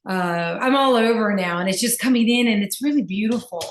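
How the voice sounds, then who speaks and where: A woman's voice: mid-range voice, a little fast. Enthusiastic woman breathwork teacher, casual and gushing, recorded in a roomy space. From Virginia, US. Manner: enthusiastic, gushing, with many fillers and restarts. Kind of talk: casual conversation.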